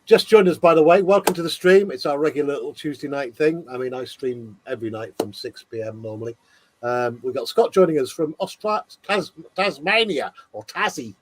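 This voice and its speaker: A man's voice: mid-range voice, a little fast, slight background noise. Easygoing man hosting a live stream. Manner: mutters at his work while chatting. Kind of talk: casual chat on a live stream.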